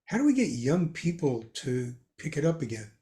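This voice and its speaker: An older man, a guest on a hobby podcast, tells casual anecdotes with an animated, chuckling delivery. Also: fairly high pitch, moderate pace. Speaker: guest ham radio expert. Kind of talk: casual storytelling in a podcast chat.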